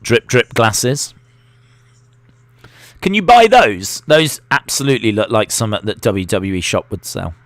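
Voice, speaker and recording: A man's voice: lowish voice, expressive, measured pace, no room sound. A man hosting a live wrestling watch-along, chatty and jokey, reacting aloud as he goes. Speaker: live stream host.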